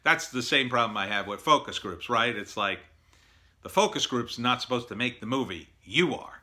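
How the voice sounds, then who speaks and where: Blunt, bright-voiced man giving advice. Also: medium pitch, expressive, moderate pace. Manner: blunt, opinionated, with many fillers and acted-out quotes. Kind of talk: casual monologue.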